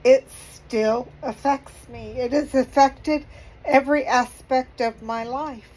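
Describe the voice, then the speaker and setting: A middle-aged woman vlogging, halting and apologetic, crying as she speaks. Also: sits high, fairly even intonation, a little mellow, rough recording. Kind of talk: emotional personal vlog.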